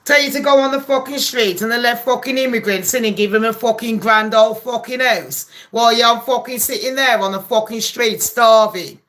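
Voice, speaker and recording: At a moderate pace with hardly any pauses, a host from England speaks in a fairly bright, medium-pitched voice. On his channel he rants furiously at the camera about politics, cursing constantly and throwing out rhetorical questions.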